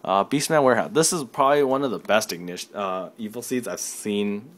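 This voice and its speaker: Tired young guy at his desk, kinda low voice, rambly and joking at himself. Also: brisk. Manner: rambling, self-deprecating. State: tired and yawning. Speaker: card game reviewer. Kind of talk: casual card review. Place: home desk.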